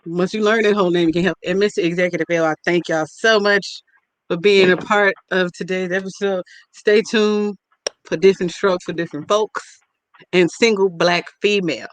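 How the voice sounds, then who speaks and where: A woman's voice: fairly low pitch, steady tone, normal speed, dry recording. A woman hosting a podcast in casual chat, playful and joking, talking straight to her listeners. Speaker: podcast host.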